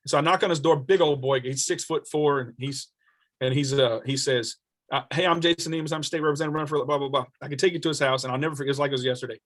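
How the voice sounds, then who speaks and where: A man's voice: mid-range voice, fairly even intonation, quick pace, fairly bright tone. A man who serves as a state representative, answering questions on a video call and telling stories earnestly, with many restarts.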